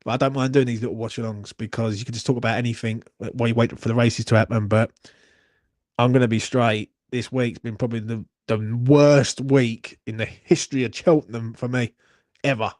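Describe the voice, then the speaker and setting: A man's voice: mid-range voice, steady tone, a little fast, darkish tone, no echo, studio quality. A young man hosting a live watchalong stream, chatting in a rambling, sweary, self-mocking way into his phone. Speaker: watchalong host. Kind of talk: casual live-stream chat.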